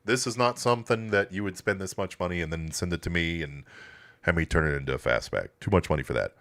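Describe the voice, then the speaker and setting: This classic car livestream host talks fast in a low, slightly bright voice, offering casual live commentary from his auto shop. He's blunt and swears a lot, keeping the shop talk laid-back.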